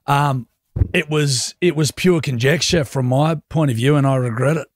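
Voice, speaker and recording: A man's voice: mid-range voice, moderate pace, no echo, studio quality. A man co-hosting a drive-time radio show, teasing his co-host and laughing often. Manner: teasing, laughs often, tells stories with voices. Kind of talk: casual banter.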